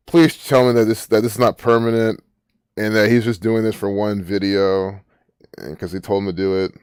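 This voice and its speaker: A man's voice: lowish voice, flat delivery, moderate pace, darkish tone, clear, resonant tone, no echo, studio quality. Rambling, profane man ranting. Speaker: channel host. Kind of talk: ranting screen-reading commentary.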